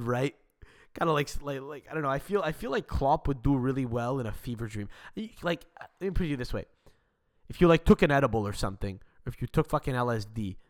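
Male podcast host, casual solo rant, rambling, profane, stammering restarts, desk mic. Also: medium pitch. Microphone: desk mic without arm.

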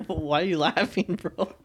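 A young man teasing his friends in a relaxed podcast chat. He laughs a lot, and his delivery stays loose and informal. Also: fairly high pitch, slightly rough, no echo. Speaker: podcast co-host. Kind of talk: casual chat.

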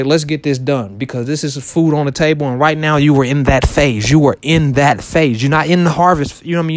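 This thirties-aged vlogger and shoe reseller speaks to his viewers in a fairly high-pitched voice, captured in a dry recording. His casual motivational talk to camera is loose and repetitive, peppered with fillers and false starts.

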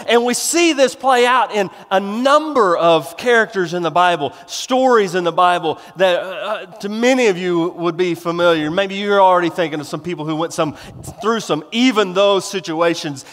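A man's voice: high-pitched, moderate pace, fairly bright tone, big-room sound. A male pastor preaching a sermon in a folksy, rambling way, with restarts and self-deprecating humor.

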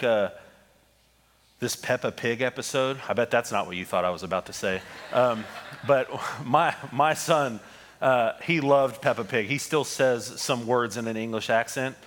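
A pastor with an ordinary mid-pitched voice delivers a sermon in a relaxed, conversational way, slipping ums and small asides between his points. A long hall reverb lingers after each phrase.

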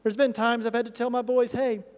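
A man's voice: extremely high pitch, flat delivery, a little fast. A middle-aged man preaching a sermon as a pastor, earnest and pleading. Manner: earnest, pleading with rising intensity. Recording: long reverb of a large hall.

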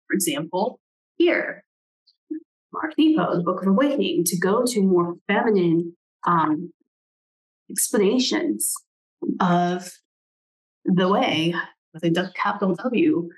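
A woman with a fairly low voice talks through her thoughts in a loose, rambling way. She reads aloud from a book between her asides and keeps checking in with "right?". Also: unhurried, rough recording. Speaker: presenter reflecting on a book. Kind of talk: casual reflective talk with book reading.

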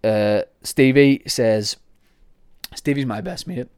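A man's voice: mid-range voice, slow pace, darkish tone, dry recording, clean studio sound. A young man with a Northern Irish accent, hosting a podcast and answering listener questions in a rambling, jokey, self-deprecating way. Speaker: podcast host.

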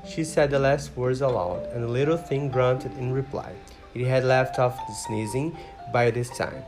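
A man narrating a storybook in a measured, even way. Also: mid-range voice. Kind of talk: storybook reading. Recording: reading over guitar music. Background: guitar music.

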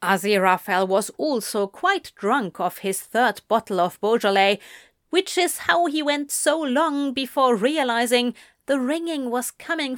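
A woman reading a story aloud in an expressive, measured way. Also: on the high side, dry recording, studio quality. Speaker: reader.

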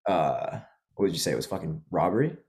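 A man hosting a podcast in casual interview style, relaxed and reactive, swearing now and then. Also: sits low, fast. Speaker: podcast host.

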